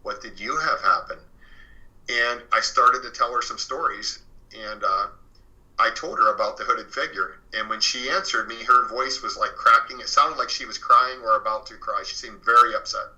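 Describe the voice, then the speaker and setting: A man's voice: mid-range voice, steady tone, normal speed, sharp tone, lo-fi sound. A man recounting a true story as a radio guest, rambling casually with lots of "you know" and restarts. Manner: rambling, fills with "you know" and restarts, retells others' words. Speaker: guest author recounting a haunted house. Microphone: phoned or studio radio interview.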